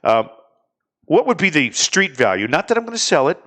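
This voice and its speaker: A middle-aged man hosting a casual talk show, telling lively stories and chatting with his guests. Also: a little high, fairly quick. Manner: chatty, animated anecdote teller. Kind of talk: casual studio chat and storytelling.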